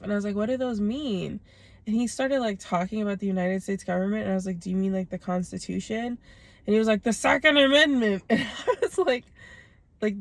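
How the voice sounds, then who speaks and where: A woman's voice: medium pitch, no room sound. A young woman vlogger telling a long personal story in a chatty, casual way, full of "like" fillers.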